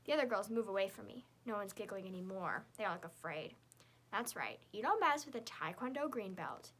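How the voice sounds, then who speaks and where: Bright woman reading a children's book. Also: mid-range voice, brisk, a little hiss or hum. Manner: lively, girlish storytelling voice. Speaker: audiobook narrator. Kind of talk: first-person children's book narration.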